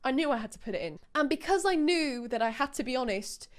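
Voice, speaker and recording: A woman's voice: high-pitched, lively intonation, fast talker, echoey room. A woman in her twenties, vlogging casually and mocking herself with frequent laughs. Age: 20s. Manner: chatty, self-mocking, laughs often. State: out of breath while exercising. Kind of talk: casual vlog commentary. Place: home room during a workout.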